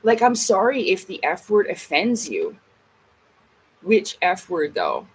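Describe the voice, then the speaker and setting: A woman's voice: medium pitch, huge pitch swings, slow, slightly rough, poor audio. A woman vlogger in a casual ranting monologue, blunt and emphatic, swearing heavily.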